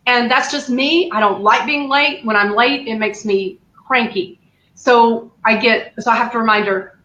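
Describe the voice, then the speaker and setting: A woman, candidly telling a lively story as an interview guest, acting out the lines she quotes. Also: fairly high pitch, normal speed, highs cut off. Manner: animated, acts out quotes, laughs often. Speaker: guest caring for her mother. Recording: echoey room.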